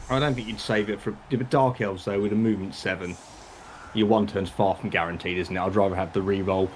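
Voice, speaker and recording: A man's voice: low voice, fairly even intonation, a little fast, slight background noise. A man from Britain co-commentating a video game match, dry and teasing, with thoughtful tactical takes.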